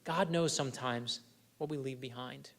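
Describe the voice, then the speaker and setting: A man's voice: medium pitch, moderate pace, vocal fry. A middle-aged man giving a keynote speech at a luncheon, telling earnest personal stories and speaking directly to the room. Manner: earnest, anecdotal, addresses the audience directly. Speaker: guest speaker.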